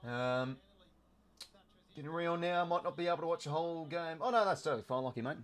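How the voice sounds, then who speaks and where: A man's voice: a little high, brisk, faint music behind. A young Australian man hosting a casual live watch-along, chatting through the game and reading out viewers' comments. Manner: chatty, reads out viewer comments, filler-heavy.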